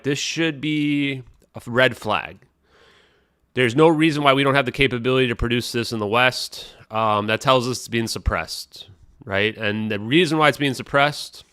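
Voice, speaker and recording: A man's voice: mid-range voice, smooth, dry recording, studio quality. A man hosting a livestream, chatting casually and addressing viewers as folks and guys. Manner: soft coaxing dog talk. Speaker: livestream host.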